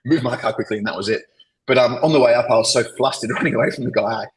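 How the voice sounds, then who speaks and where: A man's voice: medium pitch, racing, low-quality recording. An Australian man telling business anecdotes as a podcast guest, rambling along with lots of "you know" and "like". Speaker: podcast guest, agency founder. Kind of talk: casual interview storytelling.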